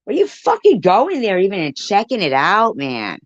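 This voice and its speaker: A woman's voice: mid-range voice, wildly swooping pitch, moderate pace, no room sound. A woman livestreaming a heated, profane rant, snapping back at people in her chat. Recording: dull lo-fi stream audio.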